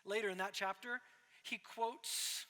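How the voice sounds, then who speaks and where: A young man preaching in a big hall, his very high, bright voice ringing out with a long echo behind it. He keeps things conversational, dropping in "right?" asides and poking fun at himself. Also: steady tone, measured pace. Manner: conversational, self-deprecating, frequent "right?" asides. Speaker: pastor. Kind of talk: sermon to young adults.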